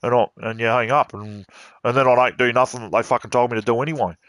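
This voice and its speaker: A man's voice: mid-range voice, fairly even intonation, fast talker, fairly bright tone, dry recording. Sweary Australian man ranting, dry sound. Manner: sweary, blunt, grumbling. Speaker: gaming streamer. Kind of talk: casual ranting while playing.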